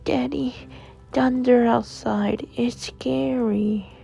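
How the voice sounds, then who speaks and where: A woman's voice: on the high side, fairly even intonation, very slow, creaky, dark tone, breathy edge, faint music behind, pitched above the performer's own voice, heavily acted, low-quality recording. A woman voicing a scared four-year-old boy who whimpers and pleads. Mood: frightened.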